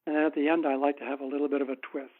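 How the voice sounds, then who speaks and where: A man's voice: on the high side, little pitch movement. Man telling stories over a tinny line. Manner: anecdotal, unhurried, wry. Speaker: author guest. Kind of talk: casual interview storytelling.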